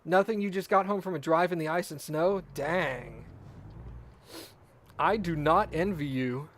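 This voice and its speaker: A man's voice: fairly high pitch, measured pace, fairly bright tone, slight background noise. A man streaming a game, chatting casually and laughing his way through a story. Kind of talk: casual chat while gaming.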